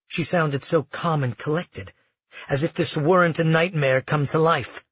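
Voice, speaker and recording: A man narrating an audiobook in scripted, steady storytelling. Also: on the high side, unhurried, husky, muffled recording.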